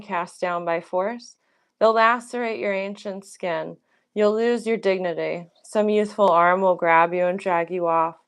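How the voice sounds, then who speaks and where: A woman reading the part of a young princess facing death in a dramatic reading, softly and tenderly. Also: fairly low pitch, smooth. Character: young doomed princess, gentle and resigned.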